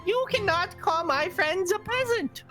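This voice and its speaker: A woman's voice: extremely high pitch, expressive, unhurried, sharp tone, faint music behind. A woman playing a tabletop game, talking in character with a hesitant, confused manner. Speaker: player. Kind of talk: tabletop role-play.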